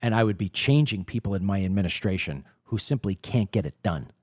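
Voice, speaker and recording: A man's voice: on the low side, expressive, fairly quick, a little mellow, no echo, clean studio sound. A middle-aged man hosting a political talk show, delivering an opinionated monologue full of emphatic rhetorical questions and repeated words.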